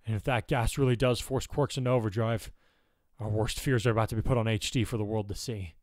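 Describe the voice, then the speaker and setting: A man voicing a confident, analytical young man speaking quietly and firmly. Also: fairly low pitch, fairly even intonation, fairly quick, no room sound, clean studio sound, natural voice. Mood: grim.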